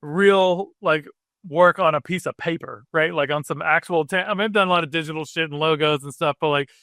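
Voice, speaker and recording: A man's voice: fairly high pitch, a little fast, bright, forceful tone, dry recording, clean studio sound. A man in his late thirties, a cartoonist guest, telling a personal story in a rambling, emotional way full of "like" and restarts. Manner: rambling, emotional, many fillers. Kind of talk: casual interview chat.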